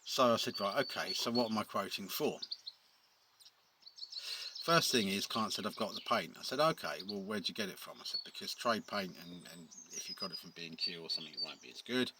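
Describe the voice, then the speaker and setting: A man's voice: on the low side, fairly quick. Chatty tradesman telling a story outdoors. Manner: chatty, rambling, wry asides with many ums. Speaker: painter and decorator. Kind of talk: casual storytelling vlog. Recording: loud outdoor background noise. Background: birdsong and outdoor noise.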